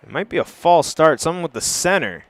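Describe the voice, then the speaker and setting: A man calling a live high school football game play by play, brisk and chatty, surging to shouts on big plays. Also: expressive, slight background noise. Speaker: play-by-play announcer.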